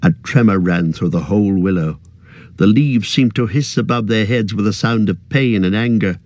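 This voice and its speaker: A man reading a fantasy story aloud in a steady, measured narration. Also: lowish voice, no room sound. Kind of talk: audiobook narration.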